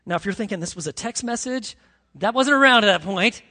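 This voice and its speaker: A man preaching a sermon as pastor, emphatic and animated, reading scripture dramatically. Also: high voice, a little fast, long reverb tail.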